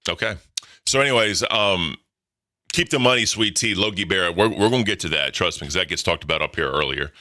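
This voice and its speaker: Deep, forceful man host. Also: fairly quick, dry recording, clean studio sound. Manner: profane, rambling, bantering. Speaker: podcast host. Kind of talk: casual crude commentary.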